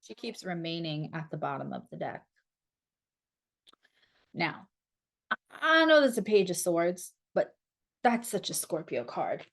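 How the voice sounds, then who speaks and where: A woman's voice: fairly low pitch, very animated, a little slow, gravelly, pauses often. A woman giving a casual tarot reading to camera, blunt and sarcastic, and she swears freely. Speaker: astrologer and tarot reader.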